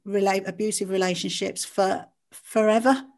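A woman's voice: mid-range voice, steady tone, normal speed, a little mellow. Woman host, supportive and reassuring, mid-range voice. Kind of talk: casual chat.

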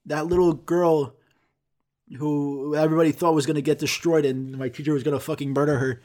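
A man's voice: on the high side, level tone, a little fast, warm tone. A young man telling a rambling, profane comic story in casual chat, throwing in sound effects.

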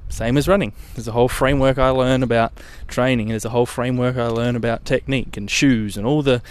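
A man's voice: medium pitch, fast, clear, resonant tone. Rambling casual male podcaster. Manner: rambling, relaxed, swears casually. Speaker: podcast host. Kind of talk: casual solo podcast chat.

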